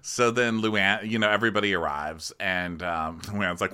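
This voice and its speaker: A man co-hosting a comedic podcast, recapping a reality show and breaking into quick, shrill imitations. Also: steady tone, sharp tone, smooth. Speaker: podcast co-host.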